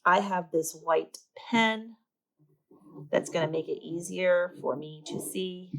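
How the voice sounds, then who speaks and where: A woman's voice: lowish voice, slow pace, gravelly, a bit bright, rough recording. A woman teaching a paper craft step by step, chatty and a little self-mocking as she works. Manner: chatty and self-deprecating, talking while working. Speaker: art teacher.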